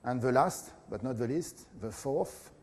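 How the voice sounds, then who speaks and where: This conference lecture comes from a middle-aged professor with a French accent, whose mid-range voice is expressive and a little mellow. He hesitates a lot, pausing often and using filler sounds.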